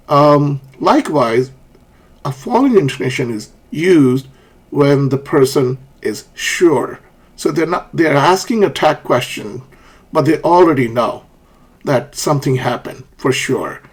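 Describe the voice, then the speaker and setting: Husky man teaching English intonation. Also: medium pitch, expressive, a little slow. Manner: demonstrates example sentences, checks in with "okay?". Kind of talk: online intonation lesson.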